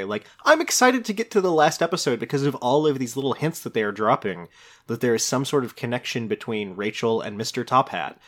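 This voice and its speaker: A man's voice: medium pitch, very animated, brisk, a bit bright. A man co-hosting a casual review podcast, talking with enthusiasm, rambling and laughing easily. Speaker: podcast co-host. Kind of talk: casual chat reviewing a TV show.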